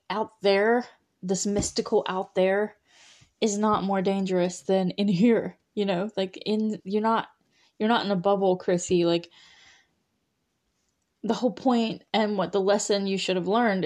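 A woman's voice: medium pitch, a little mellow. A young woman hosting a podcast, recapping a show in a rambling, casual way with many fillers and laughs. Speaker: podcast host.

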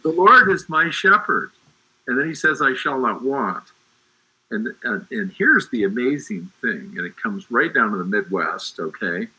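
A man's voice: mid-range voice, very animated, measured pace, pushed and bright, husky, low-quality recording. A middle-aged man talking about faith in an emphatic, preacherly way, often restarting his sentences. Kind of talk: faith discussion.

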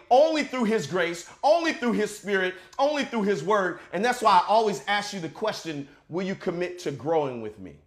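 High-pitched guy pastor preaching, casual talk, goes from soft to shouting. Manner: preaching, shifts from quiet to shouted declarations; casual, colloquial delivery. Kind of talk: sermon.

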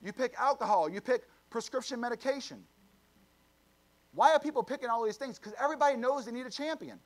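A fervent preacher with a high-pitched man's voice. He drives his points home with loud, emphatic bursts, then drops into low, confiding asides to the congregation. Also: lively intonation, fairly quick. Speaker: pastor. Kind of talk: sermon.

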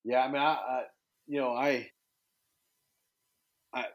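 A man's voice: steady tone, slow, low-quality recording. A man talking as a podcast guest in casual conversation, bold and direct, stumbling into restarts as he speaks with emphasis. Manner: jumps to high, loud voices when quoting others.

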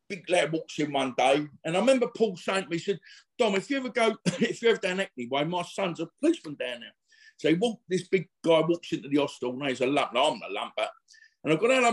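A middle-aged man, a former boxer telling rambling, slangy stories in a casual interview. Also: on the high side. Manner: chatty, rambling, laddish slang with frequent fillers.

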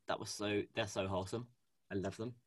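A man co-hosting a casual fan chat, animated and gushing, with lots of fillers and restarts. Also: lowish voice, fairly quick, no echo, clean studio sound. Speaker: podcast co-host. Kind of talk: casual fan chat about a cartoon series.

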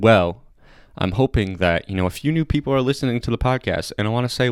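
A young man hosting a casual comedy podcast, chatty and excitable, laughing often. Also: medium pitch, fast talker, clear, resonant tone, no echo, studio quality. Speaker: podcast host.

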